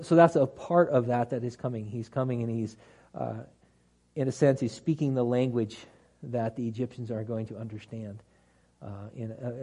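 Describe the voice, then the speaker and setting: A man leads a Bible study class, explaining the text in a conversational, halting way. His voice is mellow and warm, sitting in a middle pitch. He restarts phrases often and drops in dry, joking asides.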